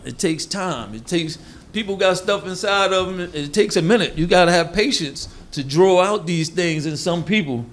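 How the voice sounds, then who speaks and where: A man's voice: high-pitched, expressive, moderate pace. A man preaching a sermon on proverbs in a folksy, colloquial way, acting out everyday quotes.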